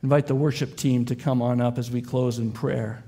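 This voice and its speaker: A man's voice: medium pitch, flat delivery, moderate pace, husky. A man preaching as pastor, telling an illustrative story with the boy's and father's voices, then leading a closing prayer. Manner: voices the boy and father in his story, softening to a hushed prayer.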